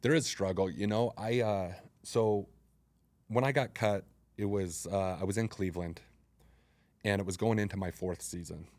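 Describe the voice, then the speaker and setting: A man's voice: lowish voice, moderate pace, no echo. A man in his forties, a former football player, telling his story casually as an interview guest and acting out the dialogue. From Utah, United States. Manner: animated, acts out quoted dialogue.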